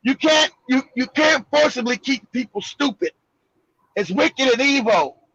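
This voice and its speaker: A man's voice: very high-pitched, lively intonation, a little slow, bright, forceful tone, husky, dull audio. A man hosting a casual political talk show, brash and profane, laughing often. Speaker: show host.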